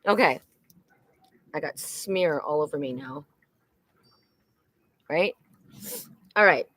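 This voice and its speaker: A woman's voice: low voice, slow pace, fairly bright tone. A middle-aged woman hosting a psychic live stream, talking candidly and emotionally, often repeating herself and swearing.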